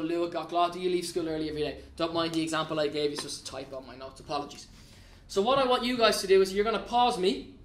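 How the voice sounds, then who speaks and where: Irish male teacher, higher-pitched, patient and plain, recorded off-mic in an echoey classroom. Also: fast talker, distant mic, slight background noise. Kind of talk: recorded classroom lesson at a whiteboard. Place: classroom with a whiteboard.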